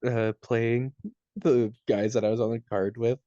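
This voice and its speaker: A man's voice: mid-range voice, level tone, a little slow, warm tone, no room sound, lo-fi sound. Laid-back Canadian guy on a podcast. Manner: laid-back storytelling, lots of "dude" and laughter. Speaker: podcast co-host. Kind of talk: casual chat.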